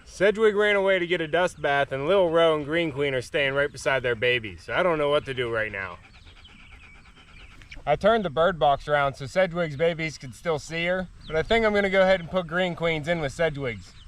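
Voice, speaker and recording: Man, homestead vlogger, fairly high voice, gentle, coaxing, playful, outdoors on a farm. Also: brisk, smooth. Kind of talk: casual talk to farm animals.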